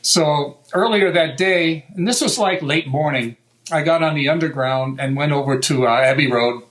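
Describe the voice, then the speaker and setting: An older American man, a guitar maker, telling a story in a lively, casual way, swearing now and then and acting out what people said. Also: a little high, normal speed, low-quality recording. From United States. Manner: animated, swears, acts out quotes. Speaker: guest luthier.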